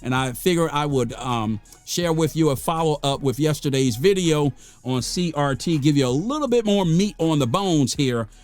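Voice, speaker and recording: A man's voice: a little high, normal speed, few pauses, faint music behind. An American man giving an impassioned, preachy monologue to the camera, repeating phrases for emphasis and getting worked up. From United States. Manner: gets worked up, then calms himself. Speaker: vlogger.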